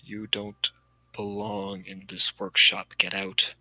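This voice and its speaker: A man's voice: flat delivery, bright, forceful tone, dry recording, exaggerated voice, low-quality recording. Man doing a curt, hostile dwarf craftsman. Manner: curt, menacing, low and slow. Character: gruff male dwarf craftsman, hostile and suspicious.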